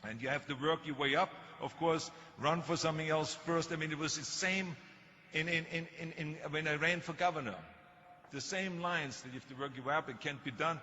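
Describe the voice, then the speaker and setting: A man's voice: a little high, brisk, bright, forceful tone, lo-fi sound, slight background noise. An older man with a German accent giving a motivational speech, telling stories in an emphatic, self-mocking way. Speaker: motivational speaker. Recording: long hall reverb, faint ambience.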